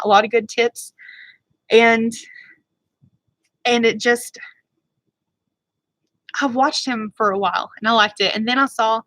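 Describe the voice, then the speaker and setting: A woman beauty vlogger chats with her viewers during a casual livestream. Her voice is bright and forceful and sits a little high. She rambles, gets fired up and talks quickly, in a dry, close sound. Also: steady tone, no echo, low-quality recording.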